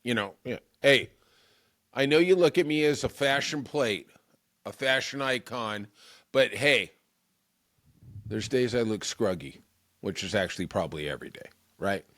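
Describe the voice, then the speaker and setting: A man's voice: fairly low pitch, expressive, normal speed, long pauses, fairly bright tone. Rambling, self-mocking male podcast host. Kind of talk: casual comic monologue.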